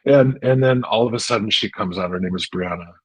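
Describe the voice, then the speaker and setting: A man's voice: lowish voice, a little fast, slightly rough, no echo, poor audio. A middle-aged man talking earnestly in an interview, telling his story with many restarts. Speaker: interview guest. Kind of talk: casual interview chat.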